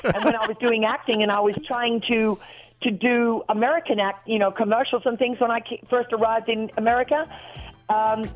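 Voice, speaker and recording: A woman's voice: a little high, fairly even intonation, a little fast, soft background music. A middle-aged Australian woman chatting as a caller on a radio show, rambling and effusive. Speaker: caller and guest. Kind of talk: casual radio phone chat. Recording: dull lo-fi phone line.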